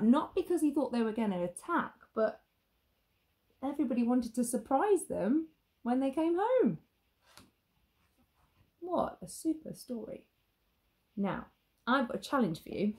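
Animated woman reading a children's story. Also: high voice. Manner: expressive, asks the listener questions. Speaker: teacher. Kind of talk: reading a picture book aloud to children.

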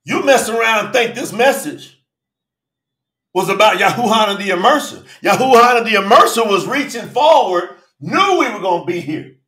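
At a normal speed, a preacher and channel host delivers a fervent sermon on a livestream, his high, bright voice lively and swooping. A roomy echo surrounds him as he often shouts and calls viewers out by name.

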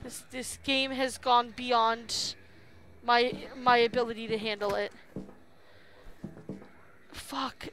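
A woman's voice: a little high, flat delivery, slow pace, long pauses, a bit bright. A young woman streaming a horror game, talking to herself and her viewers, frightened and swearing, often crying out. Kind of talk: live horror game commentary.

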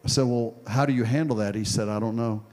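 A man preaching a sermon and telling a story from his own past, dropping soft and low, then building to loud, forceful preaching. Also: steady tone, fast talker. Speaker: pastor. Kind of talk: sermon with personal testimony.

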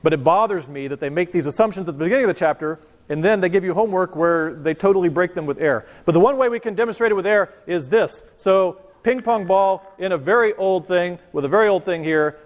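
A man's voice: on the high side, quick pace, few pauses. A man teaching a university physics lecture in a casual, joking way, talking straight to his students. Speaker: physics professor. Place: lecture hall. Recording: long reverb of a lecture hall.

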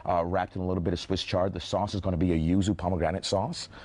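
Fast-talking low-voiced man chef. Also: little pitch movement, darkish tone, no echo. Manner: quick, upbeat food explaining. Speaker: guest chef. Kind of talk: on-air cooking segment. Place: TV news studio.

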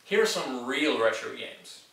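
A man's voice: medium pitch, expressive, unhurried, vocal fry, fairly bright tone, very echoey, far from the mic. Sarcastic man mocking a vlog. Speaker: comedy vlog reviewer. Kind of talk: sarcastic comedy commentary.

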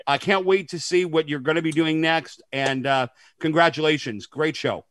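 A man's voice: fairly high pitch, moderate pace, a bit bright, no room sound. A man judge giving enthusiastic feedback, stammering over his words.

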